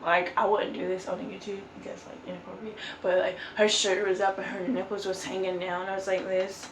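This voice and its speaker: A woman's voice: mid-range voice, level tone, fairly quick, slight background noise. Rambling woman vlogger, echoey room. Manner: rambling, filler-heavy with frequent "like" and "um". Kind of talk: casual storytime. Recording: roomy echo with faint ambience.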